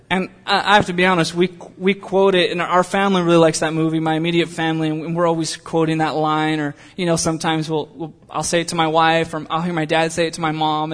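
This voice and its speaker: Man, young adult, pastor, casual sermon, higher voice, chatty asides. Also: level tone, brisk, a bit bright. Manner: conversational, with asides and jokes.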